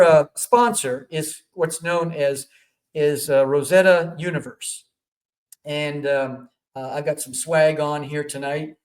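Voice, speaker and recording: A man hosts a radio talk show. His voice sits a little high for a man. He rambles and breaks off his own sentences while promoting his projects. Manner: rambling, self-interrupting promotion.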